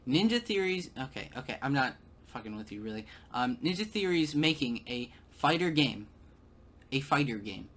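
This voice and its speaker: A man's voice: medium pitch, big pitch swings, normal speed, a bit bright. A man giving sarcastic video commentary, stammering and repeating words.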